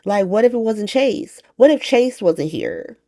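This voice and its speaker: A woman's voice: mid-range voice, sing-song, measured pace, warm tone, dry recording, clean studio sound, pitched above the performer's own voice. A woman voicing a protective father who lectures bluntly and swears freely. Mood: lecturing.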